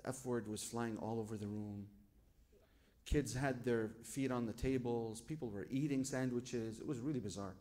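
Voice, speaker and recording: A man's voice: mid-range voice, moderate pace, mellow. A man giving a sermon as a sheikh. He tells stories from his own life, asks rhetorical questions and quotes scripture. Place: lecture hall at a religious gathering.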